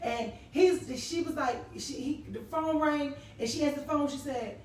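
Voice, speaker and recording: High-voiced woman hosting live talk show. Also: a little slow, hardly any pauses. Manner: animated storytelling, reads viewer comments aloud. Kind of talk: casual live-stream chat. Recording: echoey room, distant mic, faint noise.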